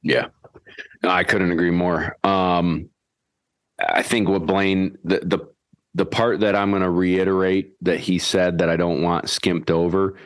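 A man hosting a podcast and explaining dog training in a folksy, animated way, acting out his whistle commands. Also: sits low, dry recording. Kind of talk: casual instructional chat.

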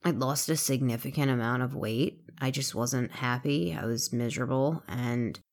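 Woman, candid personal account, halting delivery, plain speech, swears freely. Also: very deep voice, a little mellow. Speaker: interviewee in recovery. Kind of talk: emotional personal storytelling.

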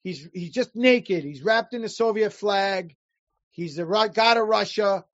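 A man telling animated, profane stories in casual chat, acting out the people he quotes. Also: high voice, unhurried, no echo, muffled recording. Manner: animated anecdotes, profane, acts out quoted voices.

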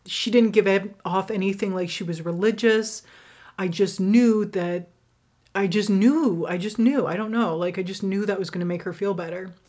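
A young woman hosting a podcast, telling a personal story in a candid, rambling way, swearing freely and filling pauses with "like" and "um". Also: mid-range voice, fairly even intonation, darkish tone. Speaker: podcast host and rideshare driver.

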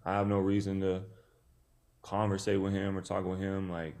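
A man in his thirties from Tennessee, a boxer guest on a podcast. His voice sits very low and sounds dark and mellow. He tells his story in a relaxed, unhurried way, full of "you know" and "I mean.". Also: gravelly. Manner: laid-back storytelling, many fillers. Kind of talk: casual podcast interview.

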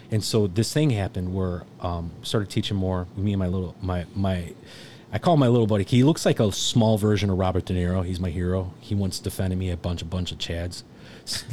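A man's voice: low voice, a little mellow, slight background noise. A middle-aged man, a firefighter instructor, telling stories in a casual, rambling, profane way with lots of restarts. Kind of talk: casual storytelling.

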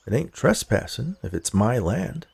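A man voicing a charming stranger who speaks in a calm, reasonable, disarming way. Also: mid-range voice, measured pace, vocal fry, a little hiss or hum, heavily acted. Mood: calm persuasive.

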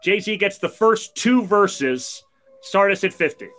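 A man with a high, bright, forceful voice talks songs as a podcast co-host. He is animated and eager, quick to laugh, and fills his sentences with "like" as he gushes. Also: faint music behind. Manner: chatty with many "like" fillers. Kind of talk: casual music chat.

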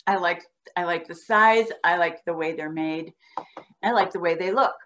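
A woman guest on a podcast, patiently explaining how to teach a child to read, sounding out words slowly as she demonstrates. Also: on the low side, fairly bright tone, slight background noise. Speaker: guest reading educator. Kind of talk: instructional podcast talk.

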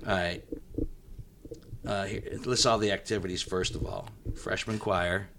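A man's voice: moderate pace, vocal fry, background noise. A middle-aged man hosting a podcast, chatting casually and telling stories about his school years. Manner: storytelling, breaks into excited high-pitched yelps when quoting. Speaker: podcast host.

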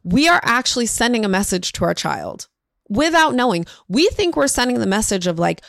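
A woman's voice: on the high side, big pitch swings, a little fast, vocal fry, dry recording, studio quality. A woman hosting a parenting podcast who gives earnest, direct advice and talks to her listeners as "y'all". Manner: direct, warmly instructive, addresses listeners as y'all.

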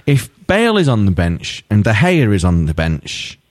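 Low-voiced joking football podcast host. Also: male voice, normal speed. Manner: lively, jokey, questioning his guests. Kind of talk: casual football chat.

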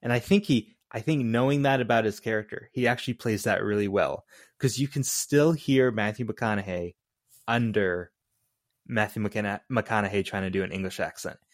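A man co-hosting a podcast, chatting casually about a film, animated and excitable, with lots of filler words and frequent laughs. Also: on the low side, moderate pace, dry recording, clean studio sound. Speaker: podcast co-host. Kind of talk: casual movie review chat.

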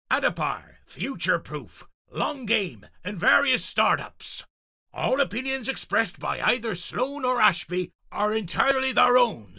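A man's voice: high-pitched, gravelly, pushed and bright, slightly rough, full character voice. A man voicing a boisterous pirate who reads out the show's legal disclaimer in thick pirate talk. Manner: pirate dialect, rolling theatrical delivery. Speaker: disclaimer reader.

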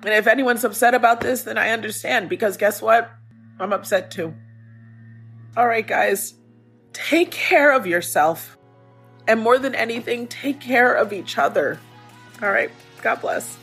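Husky woman, podcast host, earnest and halting, slightly high voice. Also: fairly bright tone, faint music behind. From Africa. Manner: earnest, halting, near tears at times. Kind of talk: emotional personal message.

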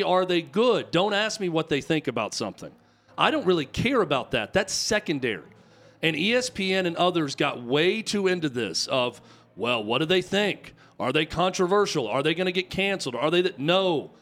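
A man with a slightly bright voice on the high side co-hosts a sports talk radio show. He delivers opinionated commentary, pressing his point with emphatic, repeated rhetorical questions.

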